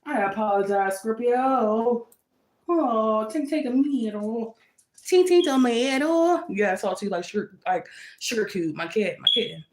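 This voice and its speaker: A woman's voice: medium pitch, measured pace, reverberant. A woman giving a casual tarot reading in a playful, dramatic way, laughing often. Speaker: tarot reader.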